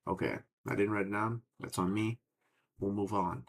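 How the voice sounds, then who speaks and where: A man's voice: on the low side, steady tone, normal speed. A young man hosting a casual sports podcast, opinionated and rambling, cursing now and then. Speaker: podcast host.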